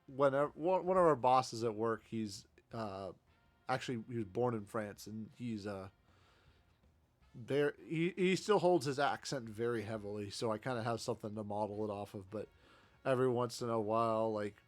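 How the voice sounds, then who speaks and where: A man's voice: mid-range voice, moderate pace, soft background music. A man streaming a game, chatting casually, laughing a lot and poking fun at himself. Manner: chatty, self-deprecating, laughs often. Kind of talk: casual gameplay commentary.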